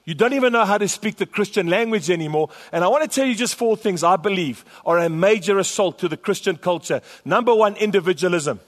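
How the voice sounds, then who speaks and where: A man's voice: sits high, expressive, fast, hardly any pauses. Pastor guy preaching, repeats himself for emphasis, big echoey church. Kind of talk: sermon. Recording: long hall reverb.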